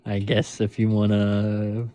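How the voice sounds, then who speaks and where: A man's voice: fairly low pitch, completely flat delivery, slow pace, warm tone, clear, resonant tone, no room sound. A man in his twenties calling in to a livestream, mumbling and taunting the host. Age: 20s. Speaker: caller. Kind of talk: call-in argument.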